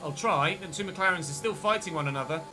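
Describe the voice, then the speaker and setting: A man streaming a racing game, commentating his race excitedly and joking with his viewers. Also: fairly high pitch, quick pace, over music. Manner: excitable, jokey, talks to viewers. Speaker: gaming streamer.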